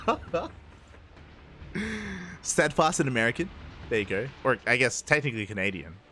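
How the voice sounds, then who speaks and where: An Australian esports caster with a lowish, sharp-toned voice calls a live match. He's chatty and loose, laughing often between bits of play-by-play.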